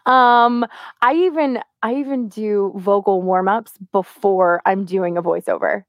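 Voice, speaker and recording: A woman co-hosting a casual podcast and giving voice tips, with a slight vocal fry and an animated, lively delivery. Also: mid-range voice, a little slow, no room sound, highs cut off. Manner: lively, animated, lots of laughs and vocal demos. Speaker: co-host, voice-over artist.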